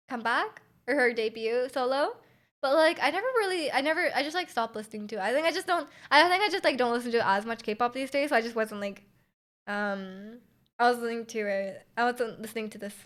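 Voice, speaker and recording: A woman's voice: a little high, expressive, fairly quick, a bit bright. A young woman from Canada with a Canadian accent, chatting casually with her stream chat, rambling and trailing off between laughs. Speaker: Twitch streamer.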